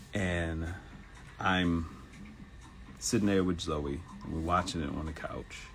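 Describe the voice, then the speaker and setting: Male talk host, middle-aged, deep and gravelly, emotional rambling monologue. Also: a little hiss or hum. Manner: earnest, emotional, rambling with restarts. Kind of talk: casual solo talk show monologue.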